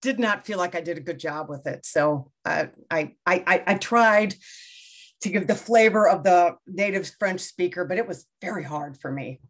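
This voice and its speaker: A woman's voice: on the low side, moderate pace. Self-deprecating middle-aged woman novelist. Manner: rambling, self-deprecating, frequent restarts. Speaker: debut novelist being interviewed. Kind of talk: casual interview conversation.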